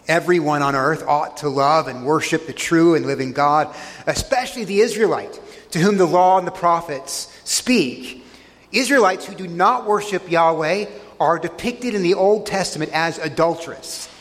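A pastor delivering a sermon, his voice sitting a little high for a man. He retells scripture scenes earnestly and leans hard on key words. A long reverb trails each phrase, as in a large hall. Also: normal speed, fairly bright tone.

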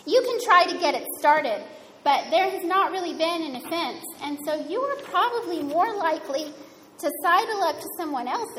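A woman's voice: sits high, a bit bright. A woman giving a sermon in a conversational, wryly humorous way. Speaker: preacher. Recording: reverberant hall, faint room noise.

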